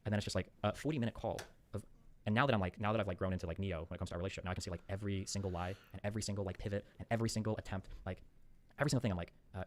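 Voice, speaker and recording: A man in a casual monologue, recounting an argument and acting out both sides, with lots of "like" and "um.". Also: low voice. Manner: rapid rambling retelling, acting out both sides, full of "like" and "um".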